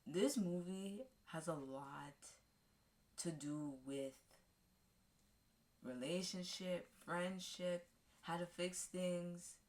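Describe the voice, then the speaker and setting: A woman vlogger casually recapping a movie, rambling with halting restarts and fillers. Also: on the low side, darkish tone. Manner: acts out characters' lines in a raised voice.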